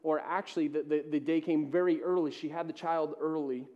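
A male pastor delivering a sermon, swinging between loud emphatic peaks and hushed, quiet passages. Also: a little high, fairly even intonation, fairly quick, highs cut off.

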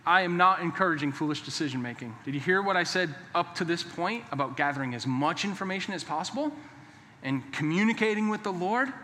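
A man preaching from the pulpit in a high, bright voice that carries a long echo through the sanctuary. He drives his points home by repeating them with force, then loosens up with quick jokes before turning serious again. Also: animated, slight background noise. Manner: emphatic and repetitive, with joking asides. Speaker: pastor. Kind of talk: sermon. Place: church sanctuary. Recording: long reverb of a large hall.

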